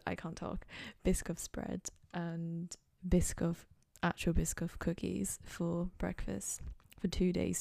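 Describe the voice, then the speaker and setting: A woman's voice: fairly low pitch, vocal fry, mellow, dry recording, clean studio sound. A young woman hosting a podcast, chatting casually and rambling in a goofy, self-mocking way from her dorm room. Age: young adult. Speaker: podcast host. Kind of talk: casual solo chat.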